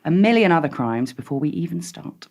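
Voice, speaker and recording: A British woman guesting on a podcast, telling a true-crime story in a lively, suspense-building way. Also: deep voice, brisk.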